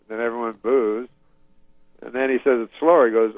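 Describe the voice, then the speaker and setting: A man from Canada, telling a meandering anecdote as a comedian guest in a deadpan way, chuckling at his own story. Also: medium pitch, fairly quick, dry recording. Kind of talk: rambling anecdote in an interview. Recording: slightly muffled lo-fi audio, dry.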